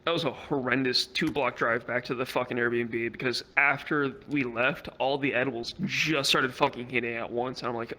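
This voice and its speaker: A man doing stand-up, telling a rambling, profane story with quick acted quotes in a virtual comedy club. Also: mid-range voice, steady tone, pushed and bright.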